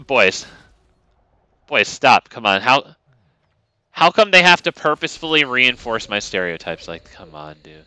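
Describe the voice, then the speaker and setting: A man's voice: mid-range voice, very animated, a little slow, pauses often, bright, forceful tone, smooth, no room sound, poor audio. A man streaming a card game, chatting casually with viewers in a joking, sarcastic, rambling way. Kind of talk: casual gameplay commentary.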